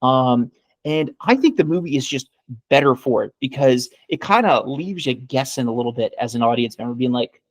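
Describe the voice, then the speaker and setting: A man's voice: mid-range voice, animated, moderate pace, no echo. A man co-hosting a podcast in casual chat, giving sarcastic mock praise and rambling with many fillers. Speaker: podcast co-host.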